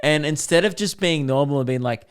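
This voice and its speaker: A man's voice: a little high, clean tone. A man in his twenties co-hosting a podcast, telling rambling stories in casual chat and acting out what people said. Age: 20s. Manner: rambling storyteller, quick to act out quotes. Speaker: podcast co-host.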